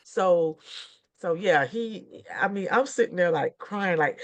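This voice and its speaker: A woman's voice: on the low side, animated, takes it slowly. A middle-aged woman minister chatting casually, rambling and laughing through her stories with lots of fillers. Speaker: guest minister. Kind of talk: casual chat.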